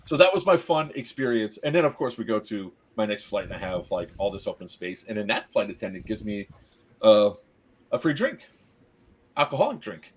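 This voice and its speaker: A man in casual podcast chat, telling a story with lots of laughs and acted-out quotes. His pitch swings widely as he gets into it. A faint hiss of noise sits under the recording. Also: brisk. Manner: animated storyteller, acts out quotes, laughs often.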